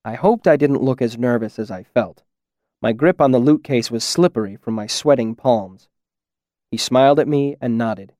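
A man narrating a first-person fantasy audiobook in a measured, reflective way. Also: mid-range voice, mellow, no echo, studio quality.

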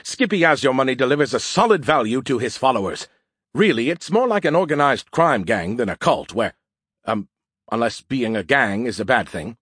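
A man's voice: medium pitch, very animated, normal speed, fairly bright tone, husky, no echo, studio quality. A man voicing a boastful, snarky male AI that lives in a beer can, in a raised, self-important tone. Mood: indignant.

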